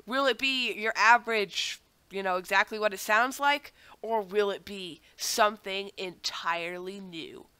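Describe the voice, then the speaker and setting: Young woman, has a cold, casual gameplay commentary, rambling, self-mocking, bright, smooth, dry recording. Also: mid-range voice, measured pace, dry recording. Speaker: gaming channel host.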